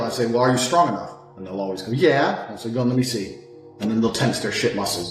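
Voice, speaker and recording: Man, brash boastful lecturer, big swings in pitch and volume, roomy echo, faint music under. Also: animated, a little fast. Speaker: self-styled dating and communication coach. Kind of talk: profane monologue course.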